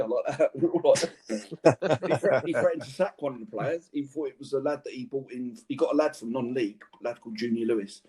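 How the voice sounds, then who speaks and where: A husky-voiced man, a former footballer, rattles through lively anecdotes in a relaxed podcast chat. His voice sits at an ordinary pitch, and he laughs his way through his stories. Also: brisk. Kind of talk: casual storytelling chat.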